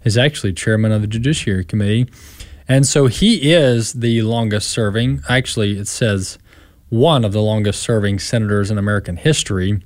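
A man's voice: fairly low pitch, moderate pace, no echo, studio quality. A man hosting a talk radio show, speaking in a conversational way with some fillers. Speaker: radio host.

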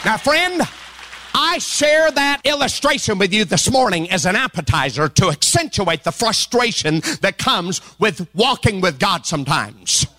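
A male pastor preaching a sermon to a church congregation, calling for amens and building to fervent shouts. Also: high-pitched, animated, unhurried.

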